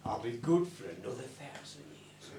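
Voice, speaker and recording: A man voicing a thousand-year-old male leprechaun who wants a bride, told in a low scheming way. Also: sing-song, normal speed, dark tone. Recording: roomy, from far off the mic.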